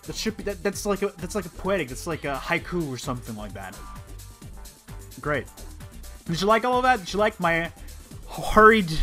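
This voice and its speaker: A man hosting a let's play, rambling through excitable, sarcastic gameplay commentary. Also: sits high, normal speed, pauses often. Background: faint game music.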